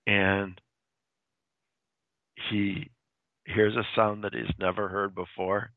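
Speaking slowly in a low voice with little pitch movement, a man chats his way through a spooky story, filling it with fillers and acting out quoted voices. The audio is dry and tinny, like a phone recording, with no echo.

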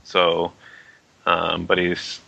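A man casually discussing a comic book issue, rambling and halting with many fillers. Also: low-pitched, monotone, vocal fry, sharp tone, poor audio. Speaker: comic book podcast co-host.

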